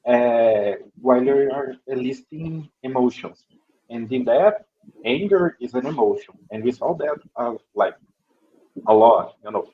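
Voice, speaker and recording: A man's voice: mid-range voice, muffled recording. A Brazilian man with a Portuguese accent, speaking English as a student in class, hesitant and searching for words. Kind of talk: classroom discussion.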